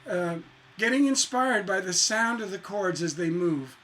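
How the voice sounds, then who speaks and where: A man teaching songwriting in a relaxed, chatty way, playing guitar and humming bits of melody as he explains. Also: sits high, a little slow, a little hiss or hum. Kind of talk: casual music lesson with guitar. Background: acoustic guitar.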